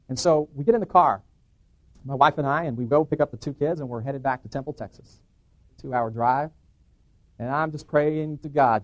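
A middle-aged man giving an animated testimony in church, acting out dialogue and restarting his sentences. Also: mid-range voice, normal speed, dull audio. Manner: excited, acts out dialogue, frequent restarts. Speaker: guest speaker giving testimony.

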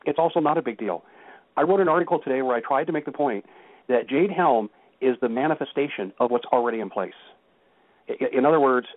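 A man's voice: medium pitch, no room sound. A man speaking as a guest on a call-in talk show, telling stories with emphasis. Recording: tinny phone line.

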